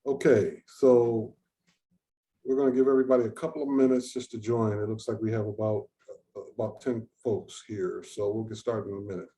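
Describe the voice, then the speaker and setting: A man's voice: lowish voice, steady tone, brisk, warm tone. A man moderating an online session over a video call, talking in an informal, chatty way. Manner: informal, chatty, thinking aloud. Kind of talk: hosting an online research session.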